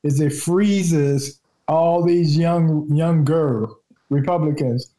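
A male journalist talking in a casual podcast conversation, his voice sitting a bit high for a man but dark and mellow in tone. He speaks slowly and rambles through his stories, often restarting his sentences. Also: rough recording. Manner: rambling storyteller with many restarts. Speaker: journalist guest.

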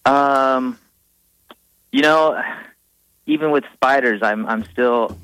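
A man's voice: medium pitch, slow pace, fairly bright tone, smooth, low-quality recording. A young married man calling in to a radio show, talking hesitantly with many fillers. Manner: hesitant, lots of ums. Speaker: caller. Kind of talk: phone-in chat.

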